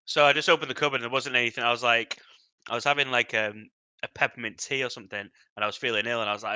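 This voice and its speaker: A man's voice: mid-range voice, fairly even intonation, very fast, sharp tone, smooth, no echo. A man co-hosting a podcast, laid-back and rambling in casual chat. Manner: laid-back, short replies, trailing off. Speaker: podcast co-host.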